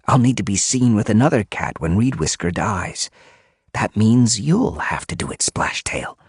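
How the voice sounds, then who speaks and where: A man's voice: fairly low pitch, expressive, normal speed, darkish tone, slightly rough, no echo, studio quality, voice pushed up, heavily acted. A man voicing a scheming female warrior cat who speaks coolly and persuasively in an audiobook.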